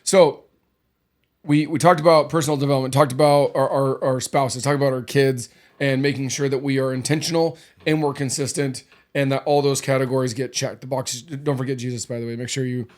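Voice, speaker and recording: A man's voice: mid-range voice, fairly even intonation, fairly quick, darkish tone. A man hosting a casual podcast, rambling and restarting his sentences, often repeating words. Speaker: podcast host.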